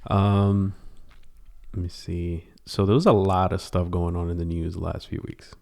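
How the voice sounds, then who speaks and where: Laid-back podcast co-host guy, super low and mellow, gravelly fry, cracks jokes. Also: flat delivery. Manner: laid-back, quick to laugh, joking asides. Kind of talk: casual chat.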